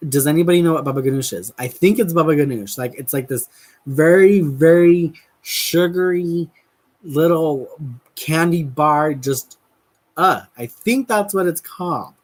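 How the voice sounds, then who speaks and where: A man's voice: on the high side, measured pace, poor audio. A man telling a rambling, giggly story to his viewers in a casual vlog, with lots of fillers and restarts. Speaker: vlogger. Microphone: camera mic while crafting.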